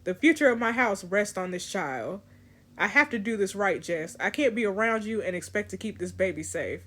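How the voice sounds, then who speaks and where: A woman voicing a solemn, scarred young woman in a story game, speaking calmly and gravely. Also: medium pitch, normal speed. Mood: somber.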